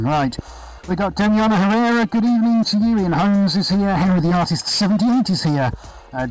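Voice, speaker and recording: A high-voiced man with a darkish tone hosts a live painting stream from his indoor art studio, recorded roughly on a body-worn chest camera. He chats casually and upbeatly, greeting viewers by name.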